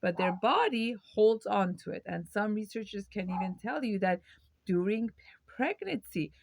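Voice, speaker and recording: A woman's voice: mid-range voice, lively intonation, moderate pace, gravelly, no echo. A woman hosting her own video, giving a reflective educational talk to camera and posing rhetorical questions. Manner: reflective, poses rhetorical questions, occasional fillers.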